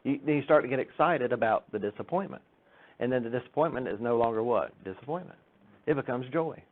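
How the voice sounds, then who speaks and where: Man telling church stories over tinny sound. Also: mid-range voice. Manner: chatty storytelling with jokes and acted-out quotes. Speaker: church speaker. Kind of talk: informal church talk.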